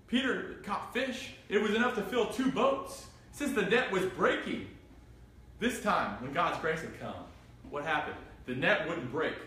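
High-voiced and animated, a male pastor preaches an interactive Bible study sermon, reading scripture aloud and posing questions to the group. The church room recording is far off and echoey, with a bit of faint noise.

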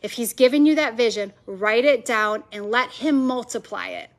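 A woman's voice: a little high, normal speed. Passionate woman preaching a sermon. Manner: passionate, emphatic, repeats phrases in lists. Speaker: women's ministry speaker. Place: event venue with a live audience.

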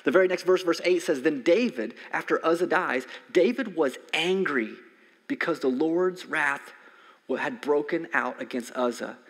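A man in his forties preaching a conversational sermon as a pastor, swinging from loud emphasis to soft near-whispers. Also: a little high, animated, normal speed. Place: church sanctuary. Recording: long hall reverb from a church sanctuary.

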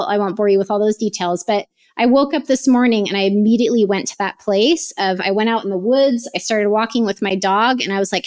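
Animated woman in her late thirties. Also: medium pitch, brisk, hardly any pauses. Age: 30s. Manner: animated storytelling, acts out her own past words. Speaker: podcast guest, real estate investor. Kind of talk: casual interview chat.

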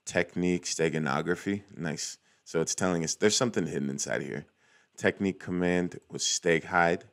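A man's voice: low voice, moderate pace, creaky, a bit bright. A young man hosting a casual screen-recorded walkthrough, chatty and cheering small wins as he goes. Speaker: cybersecurity tutorial host.

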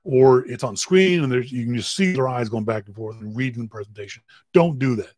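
A man hosting a podcast, giving casual advice on camera and stressing words with big jumps in pitch and loudness. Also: a little fast, no echo. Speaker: podcast host.

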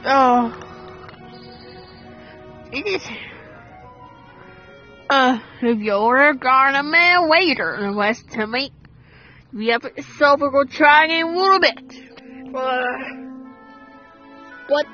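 Woman, high-pitched, very animated, exclamatory, swears, muffled recording. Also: very slow, long pauses. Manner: excitable, exclamatory, swears in bursts. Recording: dull lo-fi audio with faint music.

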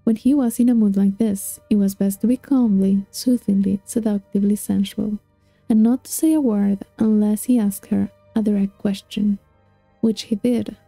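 Female audiobook reader, measured storytelling; dry, close sound with faint music behind. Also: mid-range voice, fairly even intonation, vocal fry, dark tone, no echo. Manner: measured storytelling with occasional restarts. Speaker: book reader. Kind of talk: audiobook narration.

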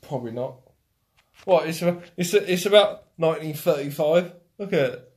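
A man's voice: fairly high pitch, lively intonation. A young Englishman hosting his own channel, swearing and joking in casual chat with a friend. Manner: swearing, joking, quick asides. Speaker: channel host. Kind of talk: casual banter between friends.

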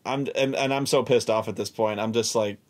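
A man telling a casual, profane story about a tabletop game, animated and exasperated, often repeating himself. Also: on the low side, fairly quick.

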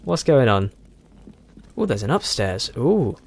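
A man giving casual let's play commentary, thinking aloud and chuckling, with a hoarse voice and a frog in his throat. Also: mid-range voice, very animated, a little slow. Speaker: game streamer.

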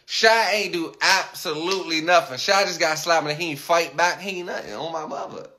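A man talking casually to his livestream viewers, animated and rambling, repeating himself often. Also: a little high, moderate pace, slight background noise.

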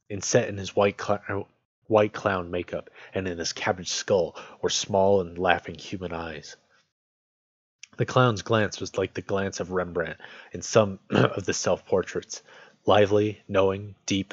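A man reading a nonfiction essay aloud in a steady, measured way, now and then correcting a slip. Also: low-pitched, slightly rough, dry recording. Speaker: reader of literature. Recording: dull lo-fi, dry close sound.

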